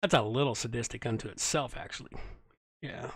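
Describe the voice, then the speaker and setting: A man hosting a Bible reading with casual commentary. He reads at a measured pace, stops to correct himself, and adds wry, sarcastic asides. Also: mid-range voice, dry recording. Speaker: host reading scripture.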